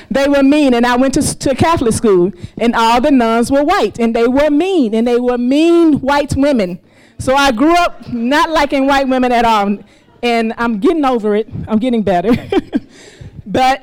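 A woman's voice: sits high, a little mellow, low-quality recording. A woman in her fifties from Mississippi tells a personal story to a live audience, laughing often and acting out the voices she quotes. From US South, Mississippi. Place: stage before a live audience.

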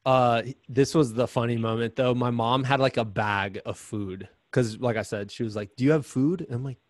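A man's voice: medium pitch, steady tone, normal speed, dry recording. A man talking casually as a podcast guest, telling a story in a chatty way with lots of "like" and fillers.

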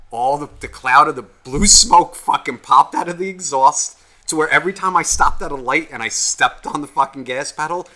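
A man's voice: fairly high pitch, bright, forceful tone. A man co-hosting a podcast, telling a rambling, profanity-laced story in casual chat. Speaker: podcast co-host.

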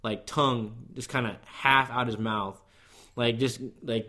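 A man's voice: mid-range voice, fairly even intonation, moderate pace, bright, forceful tone. Exasperated man telling a story. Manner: storytelling, exasperated, many restarts and "dude". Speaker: podcast co-host. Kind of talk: casual chat.

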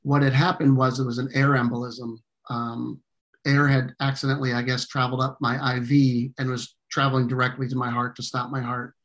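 A man telling a personal story in conversation as an interview guest, earnest and halting, with frequent fillers and restarts. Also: medium pitch, level tone, fairly bright tone.

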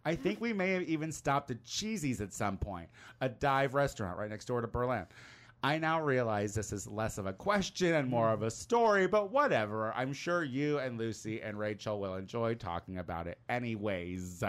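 A male podcast host in loose, casual chat, joking crudely with his co-hosts. His pitch swings widely and animatedly as he talks, rising high for emphasis. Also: expressive, normal speed, a bit bright.

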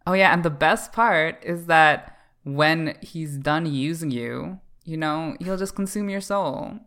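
A man's voice: a little high, takes it slowly, bright, forceful tone. A man from Canada in a casual comedic podcast chat, talking in a playful, campy, teasing way. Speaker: podcast co-host.

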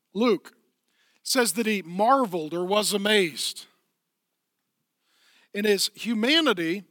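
A man preaching a sermon as pastor, emphatic, dropping to a soft hush at times. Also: high voice, no room sound, clean studio sound.

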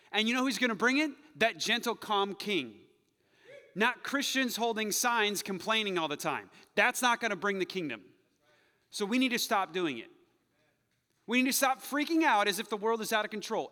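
A male pastor delivers a sermon in a high, bright voice that leaps up and down in pitch. He moves from loud, playful hype to soft, hushed calm. The sound carries a long reverb, as if filling a big church hall.

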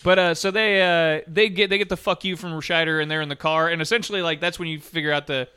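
A man's voice: fairly high pitch, fairly even intonation, fast talker, sharp tone, clean tone. A man in casual podcast film chat, rambling and swearing, acting out scenes as he retells them. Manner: rambling, profane, acts out scenes.

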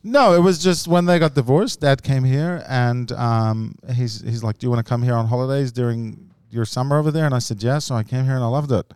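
A man's voice: mid-range voice, a little fast, few pauses, a little mellow, smooth, no echo, clean studio sound. A man telling rambling personal stories in casual podcast chat, laughing often as he goes. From grew up in the US and Australia. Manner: rambling storytelling with frequent laughs. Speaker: comedian guest.

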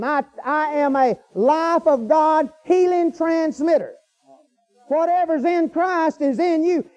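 A man's voice: very high-pitched, warm tone, highs cut off. A middle-aged man preaching a storytelling sermon in a folksy, colloquial way, breaking into hallelujahs.

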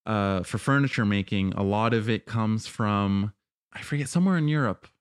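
A man in casual podcast talk, explaining his point in a measured way and walking through examples with some fillers. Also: on the low side, clear, resonant tone, no echo, clean studio sound. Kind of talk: casual chat.

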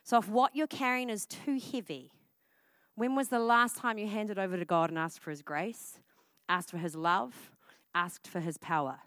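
A woman, preaching a casual, energetic sermon at church. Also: mid-range voice, moderate pace, dry recording. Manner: casual and energetic, with frequent "like" fillers.

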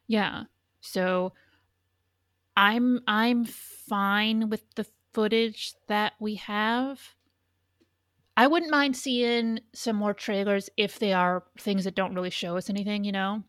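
A woman's voice: mid-range voice, steady tone, slow, fairly bright tone, dry recording, studio quality. A woman co-hosting a podcast in casual chat, rambling and swearing freely, with frequent restarts. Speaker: podcast co-host.

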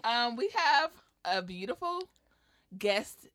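A woman's voice: on the high side, big pitch swings, slow, fairly bright tone, no room sound. A woman co-hosting a podcast in casual, profane, laughing banter, a little drunk. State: tipsy. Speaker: podcast co-host. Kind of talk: casual chat.

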